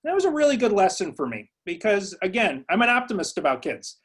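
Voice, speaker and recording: A man's voice: sits high, sing-song, brisk, slightly rough. A psychology professor giving a webinar lecture to educators, speaking conversationally with lots of uh and um fillers and telling stories from his own early work.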